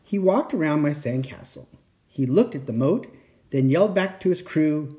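A man reading a children's picture book aloud as a bedtime story, in an expressive storytelling manner. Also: on the high side, normal speed. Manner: expressive, animated.

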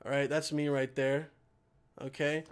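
A man's voice: mid-range voice, little pitch movement, unhurried, clean tone. A man with an American accent, hosting a podcast in a rambling, profane casual monologue, often chuckling as he talks. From United States. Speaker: podcast host.

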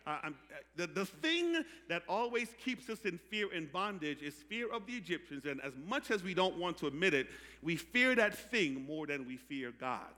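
Bright high-voiced man preaching in a hall. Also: big pitch swings, moderate pace. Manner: call-and-response with the congregation; builds from quiet teaching to loud preaching. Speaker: pastor. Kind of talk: sermon. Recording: echoey hall.

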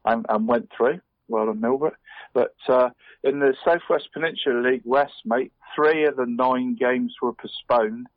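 Speaking at an ordinary pace in a mid-range voice, a middle-aged man from Cornwall chats as co-host of a casual podcast. The sound is dull and dry, without room noise, and "mate" slips into nearly every sentence.

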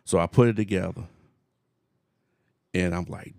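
A man in his forties telling a story in casual chat, animated, laughing often, with slangy phrasing. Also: low voice, a little slow, vocal fry, no echo, studio quality. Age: 40s.

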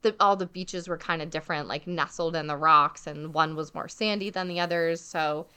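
A young woman telling a travel story in casual chat, full of "like" fillers and animated retelling. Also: deep voice, normal speed, smooth.

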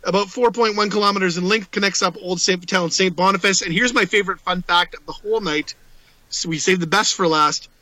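A man's voice: high-pitched, fast, bright, forceful tone, no room sound, low-quality recording. A man co-hosting a podcast, reading out facts with playful asides in casual chat. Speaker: podcast co-host.

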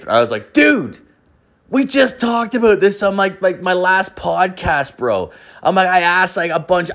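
Young male podcast host, loose rambling storyteller, swears constantly, mid-pitched voice, jumps up in pitch when quoting others. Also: a bit bright. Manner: rambling and profane, heavy filler words; acts out other people's lines in a raised voice. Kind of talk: casual storytelling monologue.

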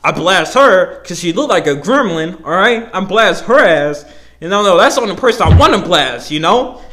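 A man's voice: sits high, expressive, normal speed, pushed and bright. A young man from Canada hosting a podcast, ranting about a job with lots of profanity and slang. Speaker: podcast host.

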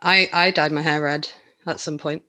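Young woman, casual podcast chat, bright edge, slightly low voice, laughs a lot. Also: normal speed. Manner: chatty, animated, laughs often, trails off mid-sentence. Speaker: podcast co-host.

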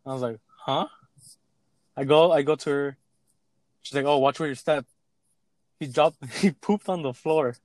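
Young man telling a lively story. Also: fairly high pitch, a little slow, long pauses, no room sound. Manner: animated storytelling, acts out quotes, swears freely. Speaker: storyteller in casual chat. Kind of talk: casual chat.

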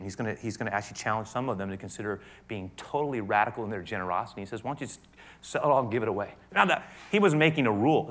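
A man preaching a sermon, shifting between loud emphasis and quiet, hushed passages, often repeating words as he goes. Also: fairly low pitch. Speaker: pastor.

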